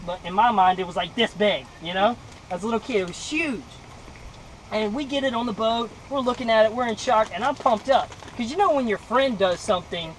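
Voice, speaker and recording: A man's voice: high voice, rough recording. Guy telling a fishing story for a devo, gets really into the voices, bit of hiss behind him. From Mississippi. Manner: animated storyteller acting out voices, laughing often. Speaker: devotional speaker. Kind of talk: storytelling devotional talk.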